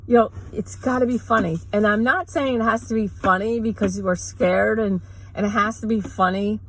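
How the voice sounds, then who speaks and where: A woman vlogger ranting sarcastically in a rambling, mocking way, with quick asides. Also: mid-range voice, fairly even intonation, low-quality recording. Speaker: mother. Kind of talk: sarcastic comedic rant.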